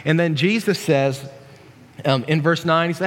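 High-voiced man preaching a joking, folksy sermon. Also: moderate pace, big-room sound. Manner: folksy, joking, lots of restarts and asides. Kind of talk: casual sermon.

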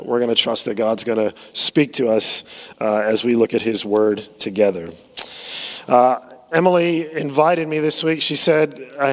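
A man preaching a sermon, conversational and full of stories, with frequent fillers and repeated words. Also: medium pitch. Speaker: pastor. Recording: long hall reverb.

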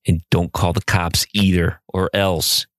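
A man voicing a desperate young male burglar, gruff and threatening but later pleading. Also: sits low, little pitch movement, a little slow, a bit bright, dry recording, studio quality.

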